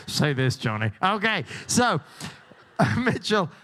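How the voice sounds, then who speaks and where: Lively joking game show host man. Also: high-pitched, very slow, slight background noise. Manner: joking, teasing contestants, laughing often. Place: cruise ship show lounge.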